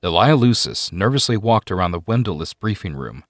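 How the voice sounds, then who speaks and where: A man with a fairly low voice reads a sci-fi story aloud in a measured way. His pitch moves a lot across sentences. The recording is dry and close, with no room sound. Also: no echo. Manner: measured storytelling with expressive ups and downs. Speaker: narrator. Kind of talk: scripted audiobook narration.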